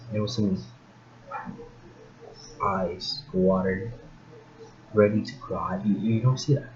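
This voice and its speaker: A man's voice: fairly low pitch, darkish tone. A man giving a rambling casual rant to camera, often restarting his sentences and getting heated and incredulous. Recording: dull lo-fi with faint hiss.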